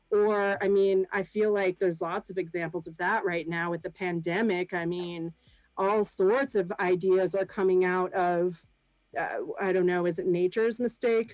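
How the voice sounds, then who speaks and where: A woman's voice: mid-range voice, a little mellow, no room sound, rough recording. A woman guest on a video-call podcast, speaking thoughtfully with frequent ums and light laughs. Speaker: guest, improv performer and business founder. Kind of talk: casual podcast chat.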